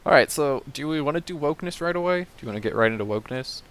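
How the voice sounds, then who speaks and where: A man's voice: fairly high pitch, expressive, very fast, a bit bright, clean tone. Dry bossy guy hosting a comedy podcast over a call. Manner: dry, bossy, steers the segment. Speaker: podcast co-host. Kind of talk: casual comedic podcast chat.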